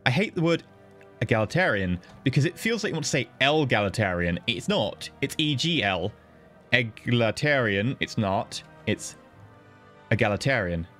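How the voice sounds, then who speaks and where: A chatty man streaming a game, his voice sitting at a middle pitch but swinging widely up and down as he talks. He jokes with viewers and sometimes jumps into a high, excited tone. Faint music plays underneath. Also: moderate pace. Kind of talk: casual livestream commentary.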